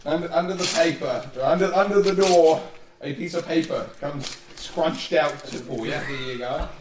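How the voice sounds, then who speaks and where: A man's voice: fairly high pitch, normal speed, background noise. Man running a tabletop game, roomy distant mic. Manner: relaxed, loose narration with many fillers. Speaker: dungeon master.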